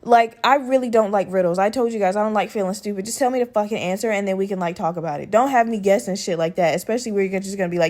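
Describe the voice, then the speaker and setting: A woman talking straight to her listeners in a loose, rambling solo podcast, swearing freely and leaning on fillers. Her voice carries a slight roughness from a lingering respiratory infection, and her pitch sits in a middle range. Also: fast talker, darkish tone. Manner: rambling, profane, conversational, with many fillers. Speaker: podcast host. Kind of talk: casual solo podcast chat.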